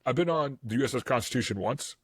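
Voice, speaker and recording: Husky-voiced man telling rambling stories. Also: medium pitch, animated, dry recording, clean studio sound. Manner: rambling storyteller, quick to laugh, acts out quoted voices. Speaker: podcast co-host. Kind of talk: casual podcast chat.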